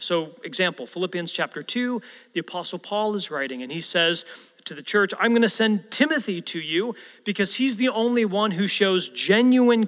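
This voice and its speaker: Here the pastor's fairly bright, slightly high male voice carries a sermon that feels casual and conversational. He often addresses the congregation with rhetorical questions, while a lengthy reverb from the spacious church hall trails after each phrase.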